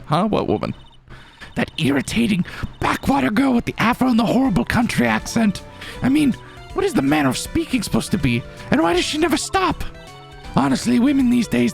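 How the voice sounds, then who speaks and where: A man's voice: very high voice, expressive, brisk, vocal fry, soft background music, pitched above the performer's own voice, heavily acted. A man voicing a vain, pushy old woman who scolds and rambles, for a game playthrough. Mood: haughty, rambling.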